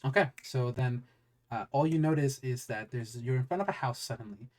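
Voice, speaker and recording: A man's voice: medium pitch, brisk, a little mellow. A man narrating as game master of a tabletop game, rambling and searching for words with many fillers.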